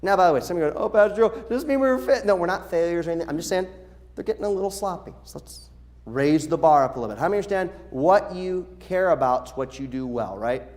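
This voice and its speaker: A middle-aged pastor speaks to his congregation in a slightly raised, lively voice. He instructs the children's workers with energy, slipping into quoted voices as he goes. The talk comes from a church service. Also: a little high, fast talker. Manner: animated, acts out quoted voices. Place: church sanctuary.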